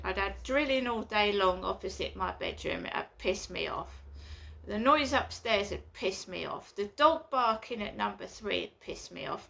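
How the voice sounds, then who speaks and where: A woman vlogging from her flat, complaining at length in an agitated, repetitive way. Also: fairly high pitch, vocal fry. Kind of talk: casual ranting monologue.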